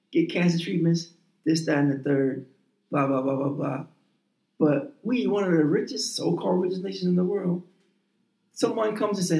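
A man's voice: high-pitched, darkish tone. A man in heated casual chat, profane and emphatic, often repeating and restarting his words. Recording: roomy echoing room.

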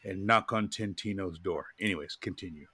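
A man co-hosting a podcast in casual chat, animated and joking. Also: low-pitched, fairly quick, slightly rough, dry recording. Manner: animated, joking, laughs often. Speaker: podcast co-host.

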